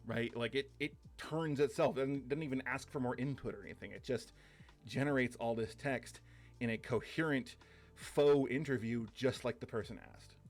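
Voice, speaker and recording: A man teaching a short course, talking loosely through slides with many fillers and quick asides. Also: mid-range voice. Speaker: course instructor. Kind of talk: casual lecture over slides.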